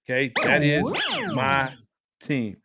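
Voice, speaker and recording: A man's voice: mid-range voice, steady tone, takes it slowly, noisy background. A man co-hosting a sports show, in a casual, joking, trash-talking chat with laughs. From Dallas area. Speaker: sports podcast co-host.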